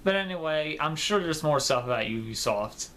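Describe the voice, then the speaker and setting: Man, gaming vlog commentary; bright, loose, rambling delivery with a faint noise floor. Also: fairly high pitch, animated, moderate pace. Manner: rambling and informal, with fillers and casual swearing. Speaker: gaming video creator.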